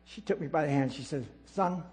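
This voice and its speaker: A man preaching a sermon as pastor, emphatic and repetitive, swinging between loud declarations and quiet asides. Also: medium pitch, quick pace. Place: church sanctuary. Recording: reverberant hall with mains hum.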